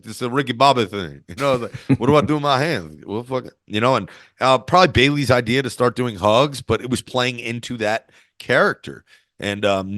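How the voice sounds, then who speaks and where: A man's voice: medium pitch, fairly bright tone, no room sound, studio quality. A man telling stories as an interview guest in a brash, swaggering, profane way. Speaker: interview guest, former wrestler. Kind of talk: casual storytelling interview.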